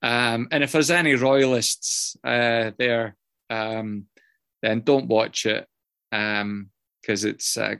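A man's voice: lowish voice, creaky, fairly bright tone, clean tone, no room sound. Man sharing his story, dry and close. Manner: rambling and self-mocking, swears freely, many fillers. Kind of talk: casual personal share.

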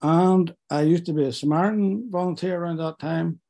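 A middle-aged man recounts his past with candid, self-mocking honesty, stumbling over fillers. His voice is husky and mellow. He sounds close to tears. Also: fairly high pitch, brisk. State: tearful. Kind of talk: personal storytelling to an interviewer.

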